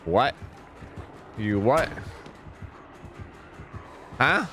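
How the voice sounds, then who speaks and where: A man's voice: mid-range voice, sing-song, drawn-out words, fairly bright tone, faint music behind. A man streaming a video game, giving casual commentary with exasperated, joking, rambling asides to his chat.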